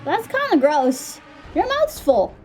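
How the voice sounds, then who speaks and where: A woman giving casual let's-play commentary, excitable, talking to the game characters and reacting out loud. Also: very high voice, slow, faint music behind. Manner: excitable, talks to the game, squeals and laughs. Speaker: gamer playing on a video channel.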